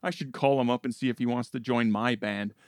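A man's voice: medium pitch, steady tone, a little fast, no room sound, studio quality, lightly acted. A man playing a brash, foul-mouthed male rock-show host who swaggers, insults people and says "effing" constantly in a comedy bit. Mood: brash, aggressive.

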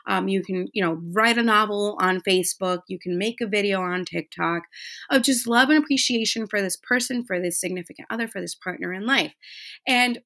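A woman in her thirties talks in a casual, heartfelt monologue, chatty and full of fillers. Her tone is bright and forward, and her pitch sits in a middle range. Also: brisk. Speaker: podcast host.

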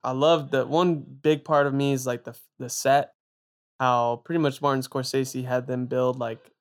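Laid-back young man, smooth voice. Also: mid-range voice, fairly even intonation, moderate pace. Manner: laid-back, rambling, many fillers and swears. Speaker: podcast host. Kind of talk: casual chat.

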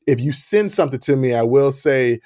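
A man's voice: medium pitch, lively intonation, brisk, mellow, no echo, studio quality. A man hosting a casual podcast, talking frankly in a laid-back way and laughing often. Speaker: podcast host.

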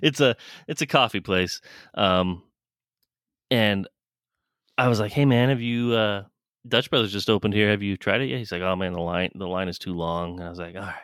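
Man, low voice, rambling storyteller, laughs a lot, dry close sound. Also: fairly even intonation, normal speed, fairly bright tone, clean tone, dry recording. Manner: rambling, laughs often, swears. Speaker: podcast co-host. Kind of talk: casual storytelling chat.

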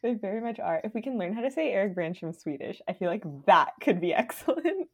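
A woman's voice: mid-range voice, lively intonation, fairly quick, breathy edge. A giggly woman co-hosting a casual podcast, laughing between phrases. Her mid-range voice runs loose and chatty, full of 'like'. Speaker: podcast co-host.

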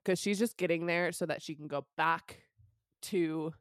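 A woman's voice: low-pitched, fairly even intonation, moderate pace, dry recording, studio quality. A young woman co-hosting a podcast, recapping a book in casual chat full of "like" and offhand swearing. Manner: chatty, peppered with "like" and casual swearing. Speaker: podcast co-host.

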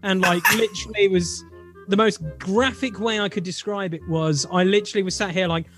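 A man talking eagerly and casually as a player at a tabletop game. His voice sits very high for a man, and faint music plays in the background. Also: steady tone, brisk, a bit bright. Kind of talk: casual chat.

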